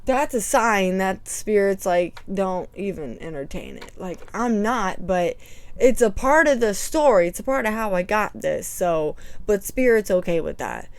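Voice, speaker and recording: A woman vlogging casually on a house tour, chatty and animated, with emphatic asides and nervous laughs, on a clip-on microphone. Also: mid-range voice, a little slow.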